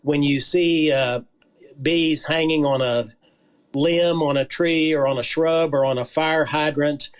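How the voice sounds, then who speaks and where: Male beekeeper guest, calm and measured, slightly high voice. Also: smooth. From Georgia, USA. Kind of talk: casual radio interview.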